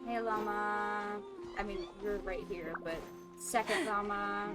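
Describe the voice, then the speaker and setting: A woman streamer chatting casually while playing a game, animated and swearing, laughing often and reacting to her chat. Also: medium pitch, slow pace, over loud music.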